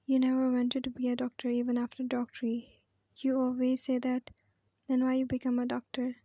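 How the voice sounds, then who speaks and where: A woman's voice: sits high, completely flat delivery, brisk, mellow, no echo. A woman voicing a protective, bossy young male doctor who speaks firmly but with care. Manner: firm, caring, commanding.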